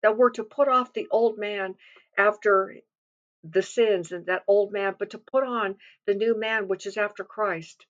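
A woman's voice: medium pitch, fairly even intonation, unhurried, lo-fi sound. A woman giving an earnest, confiding devotional sermon, reading scripture and speaking from personal experience with frequent restarts.

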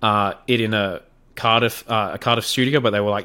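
A man with an Australian accent, co-hosting a podcast in relaxed, joking chat. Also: on the low side, a little fast, clear, resonant tone. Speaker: podcast co-host. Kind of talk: casual chat.

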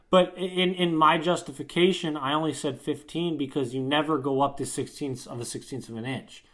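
A man's voice: mid-range voice, fairly bright tone. A young man co-hosting a casual podcast chat, telling a school story in a rambling, profane way with lots of restarts. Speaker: podcast co-host.

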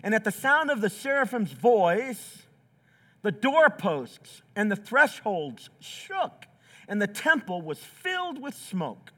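A man's voice: sits high, sing-song, slow, fairly bright tone. A pastor preaching a sermon in a church, acting out quotes with big swings in his voice. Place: church sanctuary.

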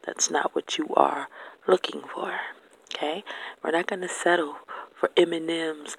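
A speaker giving earnest, faith-based encouragement straight to viewers, much of it in a soft whisper. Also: mid-range voice, fairly even intonation, measured pace, creaky, husky, rough recording. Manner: addresses viewers directly with "okay?". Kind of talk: encouraging personal talk to viewers.

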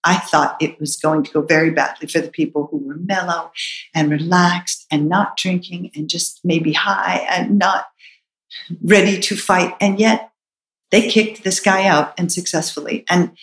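Low-voiced woman telling a personal story. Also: fairly even intonation, a little slow, a bit bright, echoey room, rough recording. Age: middle-aged. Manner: reflective, earnest, with hesitant restarts.

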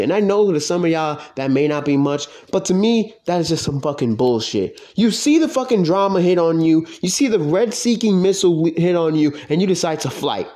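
Man, angry profane rant, higher voice that swings wildly up and down. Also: darkish tone. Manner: profane, heated, pitch swinging widely. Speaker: online wrestling league fan.

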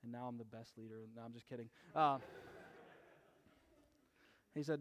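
A man preaching a sermon as pastor, talking casually and joking at times, then building to emphatic shouts. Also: medium pitch, steady tone, normal speed, long pauses.

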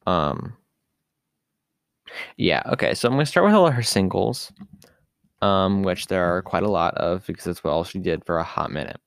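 Low, gravelly-voiced man rambling casually. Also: animated, moderate pace, pauses often, no room sound. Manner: rambling, with many fillers and asides. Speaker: podcast host. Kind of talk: casual solo podcast talk.

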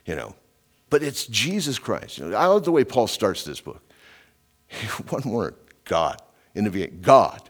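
A middle-aged man preaching an informal verse-by-verse sermon, emphatic and chatty, often slipping in "you know" and stepping off his notes. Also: on the high side. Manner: conversational, emphatic, digressive, with frequent "you know". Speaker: preacher and radio Bible teacher.

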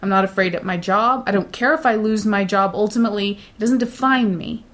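A middle-aged woman talks in a relaxed, blunt way, sure of herself and unbothered. When she quotes nervous coworkers, she slips into mocking put-on voices. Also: mid-range voice, a little fast. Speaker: data center shift supervisor. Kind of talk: casual chat.

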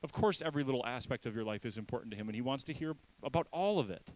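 A man preaching a sermon as a pastor, emphatic and repetitive, swinging between raised passages and hushed ones. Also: mid-range voice, lively intonation, very fast, poor audio.

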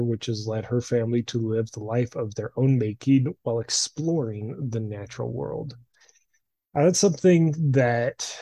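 A man's voice: mid-range voice, mellow, no echo. A man in his twenties hosting a podcast interview, chatty and upbeat, laughing easily with his guest. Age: 20s. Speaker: podcast host and life coach.

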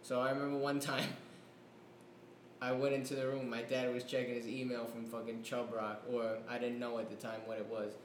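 A man's voice: medium pitch, little pitch movement, moderate pace. A young man, a bit drunk, telling a rambling story in casual chat, swearing and laughing often. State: tipsy. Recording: echoey room, faint noise.

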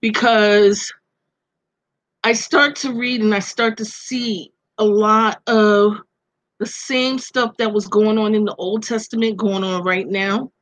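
A woman's voice: mid-range voice, steady tone, dry recording. A woman with a Brooklyn accent, a guest on a video call, speaking in a heartfelt, reflective way. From Brooklyn, USA. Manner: slow, heartfelt, reflective talk. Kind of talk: casual chat.

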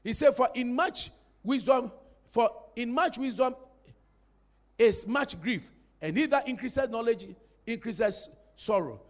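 Very high-pitched man, lively preacher, teasing and rousing his congregation. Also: unhurried. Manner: animated, playful, calls for congregation response. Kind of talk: sermon.

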